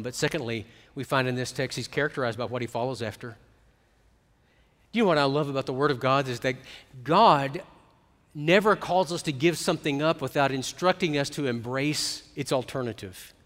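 A middle-aged man preaching a sermon as pastor, swinging from hushed, quiet stretches to emphatic ones. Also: mid-range voice, normal speed, big-room sound.

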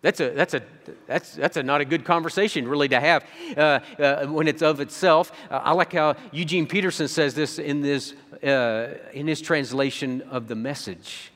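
A man's voice: on the high side, fairly even intonation, moderate pace, hardly any pauses, fairly bright tone. A man preaching a sermon as pastor, talking conversationally and often repeating words as he thinks. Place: church sanctuary. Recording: long hall reverb.

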